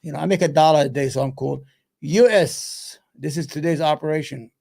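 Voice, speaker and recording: A man with a notably high-pitched speaking voice and a gravelly edge hosts his own channel. He rambles casually, swears freely and mutters to himself while he hunts for clips, then launches back into his opinions. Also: brisk, a little mellow. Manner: loose, profane, muttering to himself between points. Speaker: solo commentary host.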